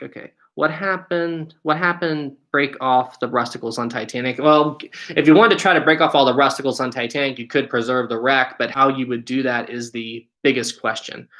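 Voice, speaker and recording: West Virginian man, 20s, live-stream host, bright tone, friendly and repetitive. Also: medium pitch, steady tone, brisk. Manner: friendly, repeats "really, really". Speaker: channel host.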